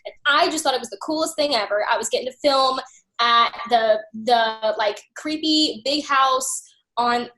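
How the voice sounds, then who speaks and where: A young woman with a high voice chats through her answers as an interview guest, stringing her stories together with plenty of "like". Her voice carries a roomy echo around it. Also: moderate pace, sharp tone. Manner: chatty storyteller, peppers speech with "like". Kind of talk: casual interview chat.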